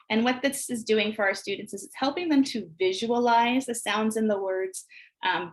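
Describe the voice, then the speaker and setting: An American woman demonstrating early literacy exercises, sounding out words slowly and deliberately. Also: medium pitch. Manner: slow, deliberate sounding out of phonemes. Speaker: teacher trainer. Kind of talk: instructional screencast demonstration.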